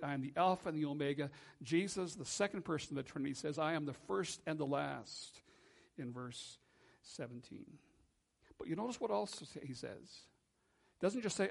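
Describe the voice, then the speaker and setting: A man preaching a sermon as pastor in a church, earnest and measured, slowing and dropping soft for emphasis. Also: fairly high pitch, gravelly.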